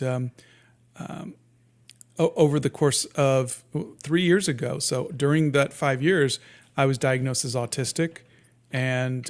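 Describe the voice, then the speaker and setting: A cartoonist in his fifties, appearing as an interview guest, talks casually in a soft, sleepy-sounding, medium-pitched voice. He halts and restarts often and uses many fillers.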